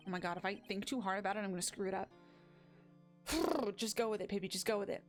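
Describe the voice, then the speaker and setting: Woman streamer rambling and giggling, mid pitch, faint game music behind. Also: quick pace. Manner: giggly, self-mocking, rambling. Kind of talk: casual game-stream commentary.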